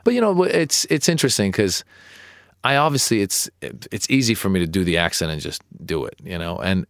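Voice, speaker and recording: A middle-aged male comedian telling stories in an interview, animated and acting out his own replies. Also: clean tone, no echo, clean studio sound. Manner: animated storyteller, acts out his own protests in a higher voice. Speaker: comedian guest. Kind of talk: storytelling interview chat.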